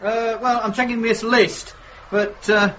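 A man's voice: very high voice, flat delivery, unhurried, pushed and bright, muffled recording, full character voice. An actor playing a polite, hesitant male teacher who is a bit impatient.

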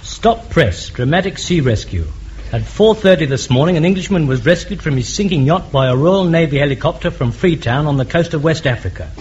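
Gruff workman, man acting, slightly high, faint hiss. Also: expressive, fairly quick, a little mellow, dull audio, natural voice.

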